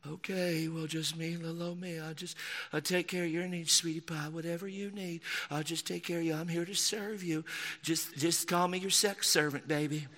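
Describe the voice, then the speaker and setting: Preacher does a simpering, sorry-for-himself husband, high and bright, long hall reverb. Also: male voice, steady tone, moderate pace. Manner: soft, simpering, exaggerated mockery. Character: mopey married man, meek and self-pitying.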